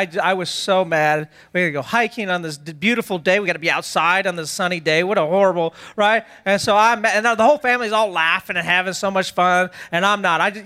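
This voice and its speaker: A male pastor spins a funny story from the pulpit, poking fun at himself. His voice sits unusually high. It is bright and forward. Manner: self-deprecating comic storytelling. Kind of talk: humorous sermon storytelling.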